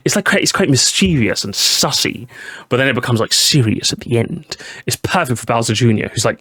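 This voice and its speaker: A young man streaming as he ranks video game music, excitable and sarcastic, with frequent swearing. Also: medium pitch.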